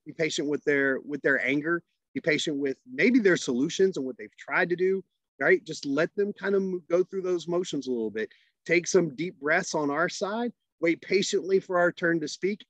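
A man's voice: on the high side, fairly bright tone, no echo, highs cut off. A chatty male instructor saying "right?" a lot. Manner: conversational, frequent "right?" tag questions. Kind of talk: webinar lecture.

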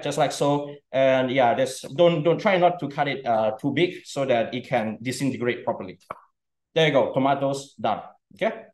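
A young man giving a casual cooking demonstration, chatty and often checking in with "okay?". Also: medium pitch. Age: young adult.

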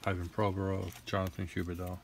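A young man with a fairly low voice, reeling off names as he opens packs and grumbling between them. His delivery is casual and exasperated, with a faint hiss of room noise behind him. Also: monotone, fairly quick, gravelly. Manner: rattles off names, frustrated and grumbling. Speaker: card collector opening packs. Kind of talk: casual card-opening commentary.

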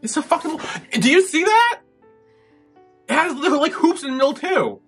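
Excitable man with a bright, animated voice. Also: extremely high pitch, fairly quick, faint music behind. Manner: excitable, exclamatory, swears freely. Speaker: reaction video host. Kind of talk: casual reaction commentary.

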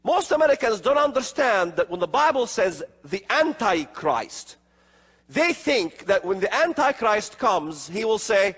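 A husky, high-pitched man lectures on prophecy in an emphatic, sweeping voice. He fires off rhetorical questions and sarcastic asides. The sound carries a long hall reverb. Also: big pitch swings, unhurried, fairly bright tone. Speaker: religious speaker.

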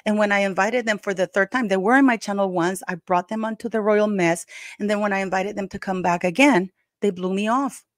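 A woman's voice: mid-range voice, steady tone, fairly quick, dry recording, clean studio sound. A woman hosting her own channel, giving heated, emphatic commentary and speaking straight to her viewers as "guys". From Canada. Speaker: YouTube channel host.

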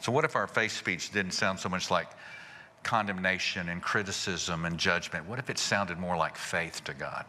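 Bright-voiced male pastor preaching. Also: sits low, normal speed, in a large hall, slight background noise. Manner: rhetorical questions, gentle chuckles, folksy. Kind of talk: sermon.

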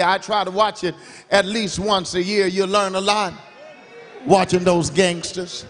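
A man preaching a revival sermon in a church, with an emphatic cadence that swings between shouted and sung phrases. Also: high voice. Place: church sanctuary. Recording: long church hall reverb.

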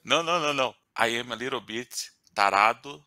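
A man from Brazil with a Brazilian Portuguese accent, speaking English as a second language on a video call, halting and correcting himself as he hunts for words. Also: medium pitch, pushed and bright, no echo. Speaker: English learner. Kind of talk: casual chat in an online lesson.

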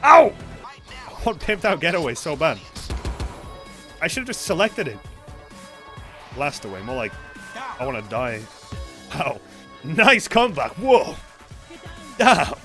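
A man streaming a co-op shooter game, commentating live with excitable outbursts, swearing and yelling at teammates. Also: fairly high pitch, takes it slowly, long pauses. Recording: game music and gunfire behind. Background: game music and gunfire.

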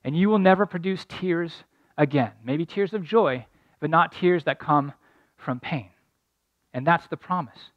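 High-voiced pastor guy preaching, earnest storytelling, kinda muffled dry sound. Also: unhurried, no room sound. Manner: storytelling, earnest, rising to emphatic peaks. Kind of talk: sermon.

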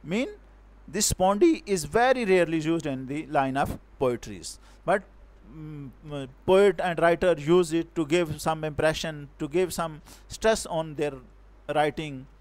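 Male teacher, high-pitched voice, halting lecture on verse meter, frequent restarts. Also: a little mellow. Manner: halting, repeats and self-corrects words; non-native English grammar.

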